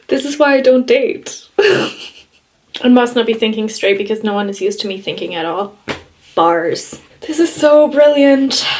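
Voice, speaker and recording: A woman's voice: mid-range voice, slight background noise. A woman vlogging her reading, giving a gushing, emotional running commentary full of laughter. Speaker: book vlogger. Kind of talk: casual reading vlog reactions.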